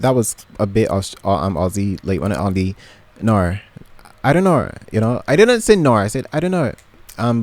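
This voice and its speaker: A man's voice: fairly low pitch, darkish tone, no echo. A young man from Barbados with a Barbadian accent, chatting to camera from his bedroom in a rambling way, full of ums and restarts. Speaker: vlogger. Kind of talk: casual chat to camera.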